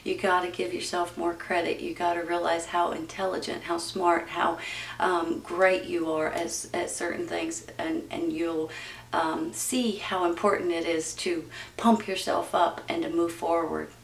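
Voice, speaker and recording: A woman's voice: fairly low pitch, flat delivery, a little slow, gravelly, far from the mic, a little hiss or hum. A woman giving a casual tarot reading, talking straight to viewers in a chatty, reassuring way and rambling loosely with many ums. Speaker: tarot reader. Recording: roomy echo, voice from off-mic.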